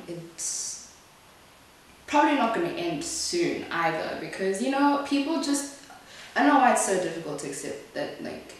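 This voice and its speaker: In a lowish voice, a young beauty vlogger from South Africa chats candidly while putting on makeup, and her voice rises sharply whenever she gets upset. The sound comes from a distant camera mic in a small echoey room, with slight background noise.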